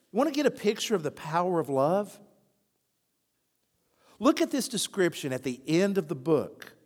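With a voice on the high side and a long reverb tail behind it, a pastor preaches. His sermon is full of lively stories in which he acts out what each person says.

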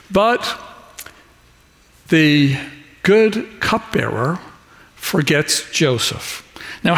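A man's voice: on the high side, fairly bright tone. A middle-aged man preaching a sermon as a pastor, folksy and storytelling, acting out the dialogue of the people in his stories. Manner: folksy, acts out dialogue in shifting voices. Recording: long hall reverb.

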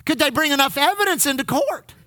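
A man preaching a sermon in a very high, piercingly bright voice. He keeps calling out for amens and repeats key lines for emphasis. His voice sounds close and completely dry. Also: lively intonation, fast talker, no room sound. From Texas. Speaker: pastor.

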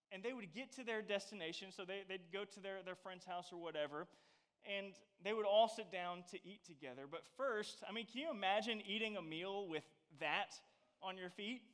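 High-voiced, playful youth preacher. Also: male voice, clear, resonant tone. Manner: animated, playful, exaggerated storytelling. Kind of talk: casual youth sermon.

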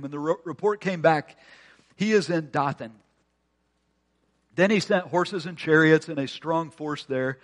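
A pastor preaching a conversational sermon, earnest, with rhetorical questions and drops to a hushed voice. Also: male voice, fairly high pitch.

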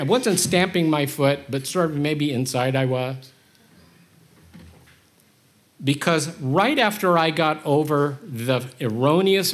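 A man preaching a conversational sermon, candid and self-deprecating, with his delivery swinging between quiet and animated. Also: fairly high pitch.

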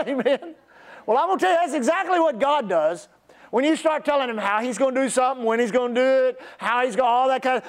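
A middle-aged man preaching a sermon as pastor, stretching key words and calling on the congregation to repeat after him. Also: very high voice. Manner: preacherly, drawn-out emphasis, audience call-and-response.

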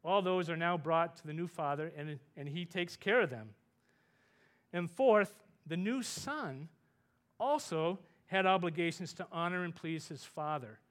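A man preaching a sermon, earnest, rising loud for emphasis and dropping soft on tender points. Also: measured pace. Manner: earnest, rises in pitch and volume for emphasis, softens for tender points.

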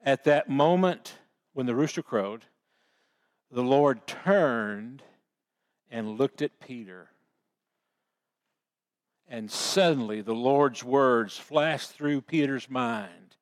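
A man's voice: medium pitch, slow, long pauses. A man preaching a sermon, telling the story in a folksy, homespun way. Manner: folksy storytelling with baseball analogies.

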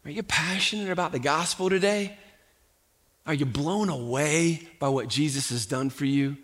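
Bright-voiced male pastor preaching. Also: fairly high pitch, moderate pace. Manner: conversational preaching with frequent restarts and rhetorical questions. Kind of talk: sermon.

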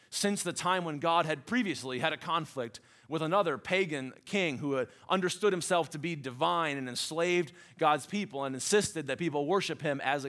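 A man preaching a sermon as a pastor, earnest, building to emphatic passages and dropping to soft, low endings.

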